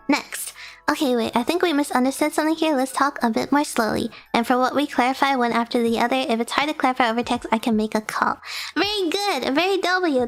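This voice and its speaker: A young woman streaming as a VTuber, reading viewer submissions aloud in casual chat, bubbly and giggly, gushing with praise. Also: sits high.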